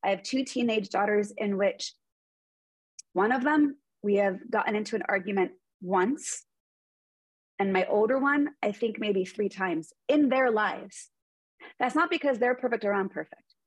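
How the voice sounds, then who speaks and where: An earnest woman in her forties tells stories in a conversational interview. Her voice is a bit husky and breathy. The sound is dry and close. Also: mid-range voice, no room sound, low-quality recording. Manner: earnest storytelling. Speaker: guest.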